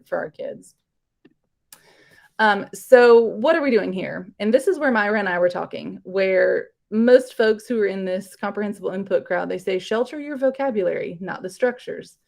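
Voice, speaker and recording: A woman runs a casual online teaching workshop. Her voice sits at an ordinary middle pitch and carries a gravelly, fry-touched edge. She talks in a chatty, rambling way, full of fillers and restarts. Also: darkish tone. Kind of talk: casual live online presentation.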